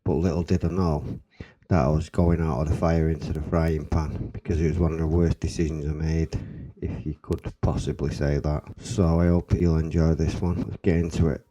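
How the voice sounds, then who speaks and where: A man's voice: extremely low pitch, level tone, normal speed, background noise. A man from Salford with a Manchester accent, hosting a podcast and telling a rambling, sweary personal story in a casual way. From Salford, England. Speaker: podcast host.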